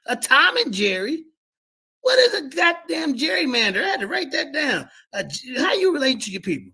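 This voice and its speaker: A man hosting a show, loudly mocking and ribbing a guest over played clips, with a gravelly, husky voice. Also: extremely high pitch, huge pitch swings, normal speed. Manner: loud, mocking, shouting in disbelief. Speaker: show host.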